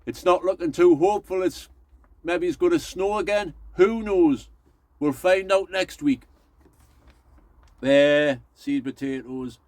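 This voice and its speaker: Middle-aged vlogger, rambling and folksy, talks a touch high, dry and close. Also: male voice, slow pace, pauses often, darkish tone, no room sound. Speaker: allotment vlogger. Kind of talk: casual chatty vlog.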